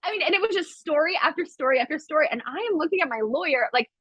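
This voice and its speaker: A woman guest on a podcast, telling a story in casual chat with lively quoted voices and blunt swearing. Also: high-pitched, fast talker, hardly any pauses, dry recording, muffled recording. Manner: animated storytelling, acts out quotes; swears freely.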